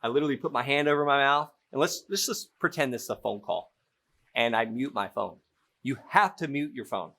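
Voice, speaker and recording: A middle-aged man explaining a real estate deal through a playful, acted-out phone call. His voice swings widely in pitch as he tells the story, and he sits at a middle pitch for a man. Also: a little fast, creaky. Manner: animated storytelling, playful role-play. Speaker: real estate investor teaching. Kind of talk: teaching through an acted-out example.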